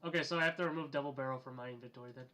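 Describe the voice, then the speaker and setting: A man's voice: medium pitch, steady tone, rapid-fire, sharp tone. A young man playing a tabletop game, eagerly firing questions at the game master and often repeating himself as he asks. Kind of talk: casual game chat.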